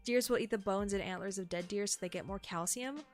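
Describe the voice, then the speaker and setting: A young woman streaming, who reads entries aloud calmly and breaks into shocked, swearing exclamations. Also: medium pitch, a little fast, faint music behind. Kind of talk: live-stream reaction and reading aloud.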